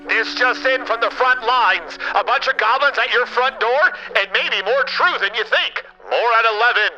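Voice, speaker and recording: A man's voice: very high-pitched, moderate pace, bright, forceful tone, dull audio, faint music behind, voice pushed up, full character voice. A man voicing a dramatic male radio news anchor through a radio filter, with an announcer cadence. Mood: announcing.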